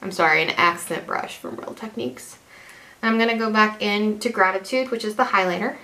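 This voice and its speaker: A woman's voice: mid-range voice, fairly quick, sharp tone. A young woman chatting casually through a makeup tutorial as a beauty vlogger, rambling, self-deprecating and restarting her sentences.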